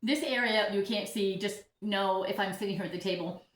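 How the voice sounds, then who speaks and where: A woman's voice: mid-range voice, a little fast. Chatty, giggly woman in an echoey room. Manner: chatty, giggly, self-deprecating. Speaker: orchid vlogger. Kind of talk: casual vlog chat. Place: home room with orchids.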